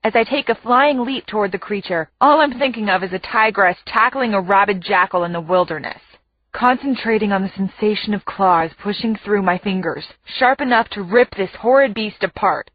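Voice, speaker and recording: A woman's voice: medium pitch, moderate pace, no room sound, muffled recording. Female audiobook narrator, dry and close. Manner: vivid, dramatic storytelling. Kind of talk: first-person audiobook narration.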